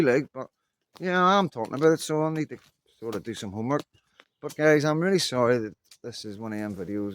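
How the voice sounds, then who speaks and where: A man's voice: mid-range voice, a little hiss or hum. A middle-aged man, rambling casually in an unscripted vlog and leaning on fillers. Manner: rambling, loose talk full of "you know what I mean" fillers. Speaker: vlogger.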